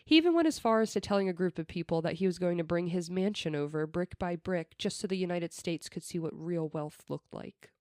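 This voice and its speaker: A woman's voice: lowish voice, brisk, hardly any pauses, darkish tone, dry recording, clean studio sound. A young woman hosting a podcast, telling a true crime story with chatty, laughing asides into a desk mic. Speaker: podcast host.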